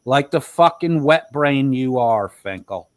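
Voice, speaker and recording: A man's voice: mid-range voice, lively intonation, a little slow, slight background noise. A man arguing heatedly on a livestream, swearing and berating his opponent. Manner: profane, aggressive, berating. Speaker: livestream debater.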